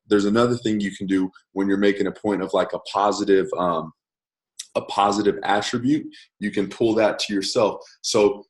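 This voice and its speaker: A man teaching a course in a casual, conversational way, often checking in with "right?" and changing his loudness to show a point. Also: on the low side. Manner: conversational, many fillers and "right?" check-ins, varies loudness to demonstrate. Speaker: course instructor.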